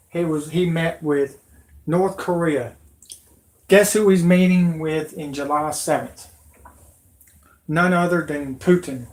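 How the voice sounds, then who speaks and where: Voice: mid-range voice, darkish tone. A livestream host giving an agitated, emotional, rambling rant into a computer microphone. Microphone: computer mic.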